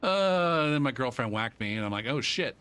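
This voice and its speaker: Streaming a game live, this man has a mid-range voice and a brisk pace, with slight background noise. His commentary and storytelling are animated and profane, packed with swearing and frequent laughter.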